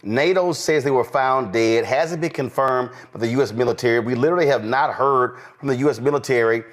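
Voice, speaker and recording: A man's voice: mid-range voice, fairly quick. A middle-aged man hosting a political talk show, indignant and emphatic, rising into exclamations. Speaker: show host. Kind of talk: political commentary.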